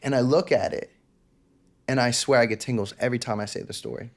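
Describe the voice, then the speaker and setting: Speaking as a podcast guest, a man shares a candid personal story with intense, confessional energy, acting out the lines he quotes. His voice is medium-pitched and his pace is quick.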